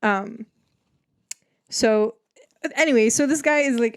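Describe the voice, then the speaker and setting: A woman's voice: a little high, takes it slowly, pauses often, clear, resonant tone. A young woman from the Netherlands hosting a solo podcast, chatting casually and rambling with lots of "like" and frequent laughter. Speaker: podcast host.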